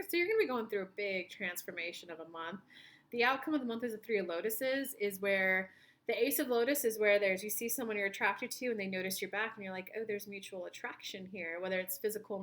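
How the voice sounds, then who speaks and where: A tarot reader and spiritual coach gives a chatty monthly reading in a medium-pitched, slightly bright voice. She tells personal stories and acts out what other people said.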